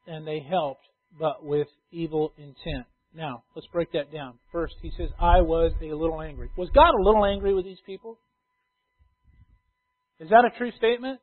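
A man preaching an expository sermon as pastor, teaching verse by verse and building to loud, emphatic stress on key phrases. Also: on the high side. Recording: tinny phone-like sound.

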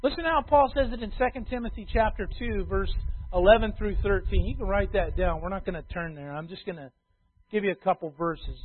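A preacher with a high, ringing man's voice delivers a sermon, hammering home key phrases through repetition. He swings from loud declarations to quiet asides. The sound is thin and tinny, like it came over a phone line. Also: expressive, fast talker, slight background noise. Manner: emphatic, repeats key phrases, swings between loud and hushed.

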